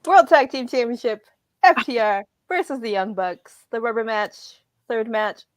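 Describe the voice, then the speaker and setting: A woman co-hosting a casual wrestling podcast, animated and quick to laugh. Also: on the high side, dry recording. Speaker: podcast co-host.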